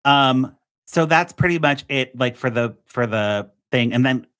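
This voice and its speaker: A man's voice: medium pitch, a little slow, fairly bright tone, smooth. Rambling male podcast co-host. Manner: rambling, heavy use of "like". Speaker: podcast co-host, TV movie expert. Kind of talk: casual chat.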